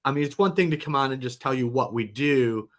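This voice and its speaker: A middle-aged man, a company founder, talking casually as a webinar guest, relaxed and rambling with restarts. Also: mid-range voice, brisk.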